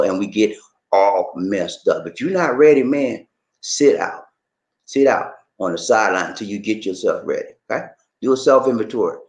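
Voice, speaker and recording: A preachy, emphatic man giving relationship advice in a vlog. His pitch swoops widely and leaps high when he drives a point home. The voice rings in an echoey room. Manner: emphatic, preachy, calls the listener "man" and "baby". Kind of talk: casual motivational advice talk.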